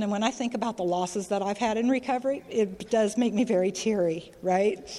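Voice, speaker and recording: A woman's voice: mid-range voice, darkish tone. A middle-aged woman shares her story at a recovery meeting, talking candidly, swearing freely and checking in with "you know?" Her voice rings in a reverberant hall. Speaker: speaker sharing at a recovery meeting. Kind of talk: candid personal share, casual and profane.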